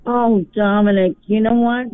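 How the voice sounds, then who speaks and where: A woman's voice: on the high side, steady tone, a little slow. A woman calling in to talk radio, gushing and emotional. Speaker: caller. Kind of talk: phone call to talk radio. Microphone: telephone. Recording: tinny dry phone line.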